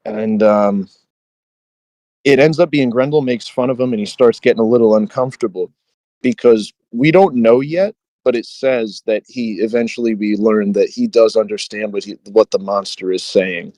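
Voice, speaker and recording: Low-voiced man retelling a story. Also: normal speed, no room sound. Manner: animated retelling, quoting characters, laughing. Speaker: podcast co-host. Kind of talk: casual chat, retelling a book scene.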